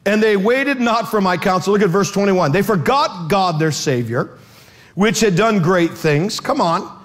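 A middle-aged male pastor preaching a lively sermon with comic stories, acting out voices and shouting in bursts. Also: high voice, moderate pace.

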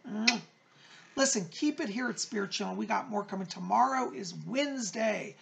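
This psychic medium hosts his own show, talking at a moderate pace in a high, creaky, somewhat bright voice. He chats casually with viewers, gushing over them and using pet names.

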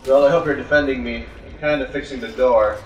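A man's voice: medium pitch, fairly even intonation, a little fast, echoey room, distant mic, dull audio, a little hiss or hum. A man chatting and joking with friends while playing a co-op game, teasing them. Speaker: gamer. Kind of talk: casual co-op game chat.

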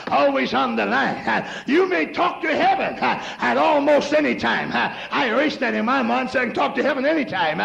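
An older man preaching a chanted church sermon, rhythmic and punctuated with "uh", rising to shouts. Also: very high-pitched, vocal fry, highs cut off. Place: church sanctuary. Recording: echoey church recording.

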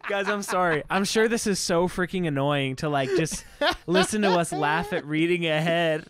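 A man's voice: a little high, moderate pace, fairly bright tone. A young man co-hosting a podcast, reading an old story aloud with mock drama and bursts of laughter. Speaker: podcast co-host.

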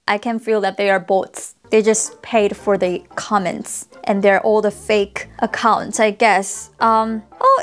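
A woman's voice: mid-range voice, a little slow, hardly any pauses, fairly bright tone, faint music behind. A young Korean woman with a Korean accent, reacting in a casual vlog with exclamations, laughs and mocking commentary. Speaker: YouTuber.

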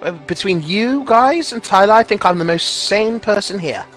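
Brash, bright streamer man. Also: high-pitched, moderate pace, faint music behind. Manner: brash, swearing, excitable. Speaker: game streamer. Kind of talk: casual livestream chat.

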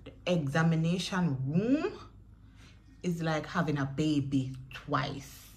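A woman's voice: deep voice, takes it slowly, a little mellow. A young Jamaican woman in a chatty storytelling vlog who speaks straight to her viewers. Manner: chatty, addresses viewers directly, acts out quoted voices. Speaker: vlogger.

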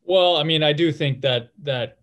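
A man in his thirties answering interview questions in a relaxed way, with many fillers and restarts. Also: on the high side, moderate pace. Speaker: guest, former hockey player.

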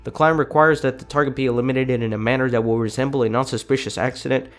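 Stuffed-up guy with a cold doing casual game commentary, mid pitch, faint music underneath. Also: fairly even intonation, quick pace. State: congested from a cold. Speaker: gaming channel host.

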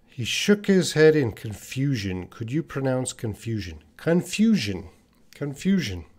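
A man in his forties teaches English on a live stream in a mid-pitched voice. He drills short phrases over and over for pronunciation. Between drills he stays relaxed and thinks aloud with easy fillers as he reads viewers' comments. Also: a little slow. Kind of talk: live-streamed lesson answering chat comments.

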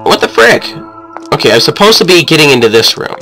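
Male let's-play gamer, higher voice, unhurried but very animated, shouts at the game, game music under him. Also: vocal fry, low-quality recording. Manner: excitable, yells at the game. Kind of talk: game commentary.

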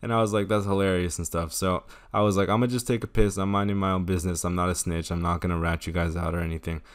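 Young guy, very low voice, relaxed storyteller, swears and chuckles a lot. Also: fast, smooth. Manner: laid-back, swears often, laughs through the story. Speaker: storytime vlogger. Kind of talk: casual storytelling over gameplay.

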